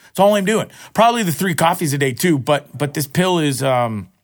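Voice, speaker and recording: A man's voice: fairly high pitch, lively intonation, fairly quick. Rambling, foul-mouthed man in his forties. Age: 40s. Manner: profane, rambling, self-mocking banter. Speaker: podcast host. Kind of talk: solo podcast monologue. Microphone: podcast microphone.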